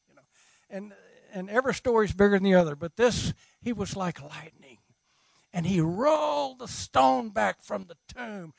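High-voiced gravelly preacher, dry sound. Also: male voice, moderate pace, no echo. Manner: humorous, animated preaching with rhetorical questions. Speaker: pastor. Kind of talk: sermon.

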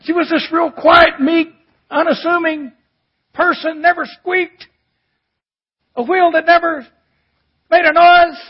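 A man preaching a sermon, shifting between shouted emphasis and quiet, reflective reading. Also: very high voice, fairly even intonation, measured pace, highs cut off.

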